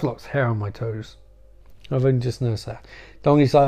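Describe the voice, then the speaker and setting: A man giving an excitable, profane, rambling comedic recap of a film. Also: mid-range voice, fairly quick. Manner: excitable, sweary, rambling asides. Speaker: movie recap commentator.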